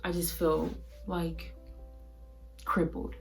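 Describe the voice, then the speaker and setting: Woman vlogger, low even voice, halting emotional story, soft guitar music under it. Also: creaky. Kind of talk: personal storytelling to camera.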